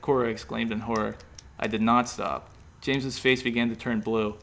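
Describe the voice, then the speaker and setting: Gravelly man reading a story, deadpan. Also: mid-range voice, normal speed. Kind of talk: reading a comic horror story.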